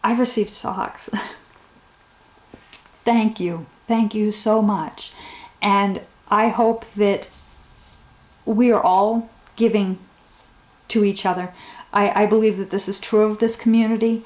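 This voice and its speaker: A woman of medium pitch talks casually as a knitting podcast host, wandering from point to point with sincere gratitude. Her voice sounds a bit roomy, with the echo of a home space around it. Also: steady tone, slow pace, long pauses. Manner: warm, rambling, gets emotional thanking viewers.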